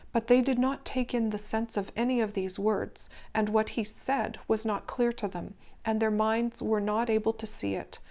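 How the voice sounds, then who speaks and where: A woman with a voice of ordinary pitch reads scripture aloud, unhurried and gentle. She is a devotional reader who finishes with a short blessing. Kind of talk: scripture reading with closing blessing.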